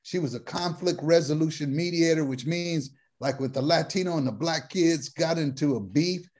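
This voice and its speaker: A man's voice: on the high side, normal speed, a little mellow. A man telling a long personal story in casual slang, laughing at his own punchlines as he goes. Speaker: guest comedian telling a life story.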